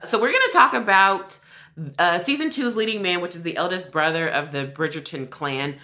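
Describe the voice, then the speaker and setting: A woman co-hosting a podcast in casual chat with lively, sassy asides. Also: on the low side, moderate pace. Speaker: podcast co-host.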